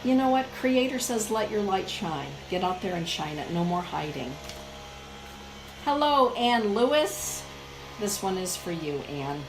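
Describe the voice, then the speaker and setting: A woman giving a live oracle card reading, speaking slowly and emphatically and addressing her viewers by name. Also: medium pitch, big pitch swings, echoey room, noisy background. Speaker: spiritual author and card reader.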